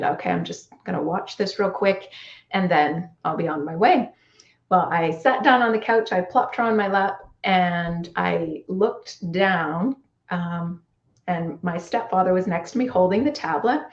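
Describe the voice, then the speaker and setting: A woman's voice: on the low side, darkish tone, lo-fi sound. Earnest woman telling a story, roomy sound. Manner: earnest, reflective, acts out quoted voices. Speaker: podcast guest. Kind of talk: personal storytelling in conversation.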